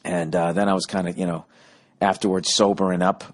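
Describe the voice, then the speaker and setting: A low, flat-sounding man speaks fairly quickly as he hosts a podcast. He delivers a profane, funny story as a sarcastic rant, loaded with swearing, and plays out both sides of the arguments.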